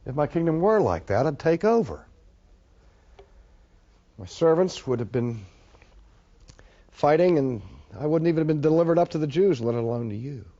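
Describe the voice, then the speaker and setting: A man voicing Jesus as a calm, defiant prisoner who speaks plainly and emphatically, in a dull lo-fi recording. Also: a little high, normal speed, pauses often.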